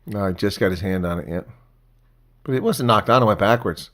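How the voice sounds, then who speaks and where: Big plays get him excited as a man delivers chatty, casual live reaction commentary on a rugby match and thanks his viewers. He talks a little fast with a lowish voice.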